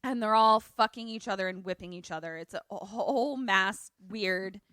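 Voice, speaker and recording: A woman's voice: mid-range voice, moderate pace, smooth, no room sound, studio quality. A woman co-hosting a podcast, casually recapping a film and acting out the characters' lines as she goes. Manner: animated retelling, acts out quoted lines. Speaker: podcast co-host. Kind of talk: casual movie recap chat.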